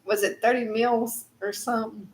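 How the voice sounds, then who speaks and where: A woman's voice: fairly high pitch, flat delivery, moderate pace. A woman hosting a casual live chat at home, rambling and laughing often, with many fillers.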